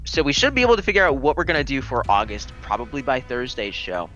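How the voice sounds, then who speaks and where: Give me an animated, bright-voiced male co-host. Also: medium pitch, quick pace, highs cut off, faint music behind. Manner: animated, laughs a lot. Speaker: co-host of a gaming stream. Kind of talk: casual live-stream chat.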